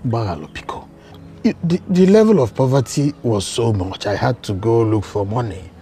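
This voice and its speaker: An actor with a Nigerian accent playing a remorseful father who pleads and apologizes in a halting way. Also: mid-range voice, expressive, dark tone, faint music behind, natural voice. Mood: pleading. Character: remorseful middle-aged father, pleading for forgiveness. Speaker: estranged father. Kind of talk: Nollywood film acting.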